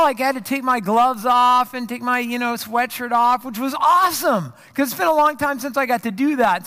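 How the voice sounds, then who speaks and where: A man's voice: very high voice, bright, forceful tone. A man pastor from the of America, preaching a sermon in a casual, storytelling way, poking fun at himself and talking straight to the congregation. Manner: casual storytelling, self-deprecating, addresses the congregation.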